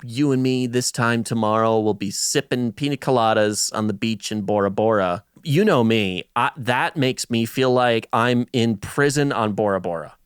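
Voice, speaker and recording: A man's voice: mid-range voice, normal speed, few pauses, clear, resonant tone, no echo, clean studio sound. A man co-hosting a casual film podcast, telling stories animatedly and acting out quotes. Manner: animated storyteller who acts out quotes. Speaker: podcast co-host. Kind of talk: casual film-discussion chat.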